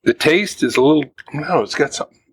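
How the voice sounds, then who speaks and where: A man co-hosting a beer tasting podcast, chatting casually and telling relaxed stories. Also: a little high, fast, gravelly, a little hiss or hum. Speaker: co-host of a beer tasting show. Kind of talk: casual chat.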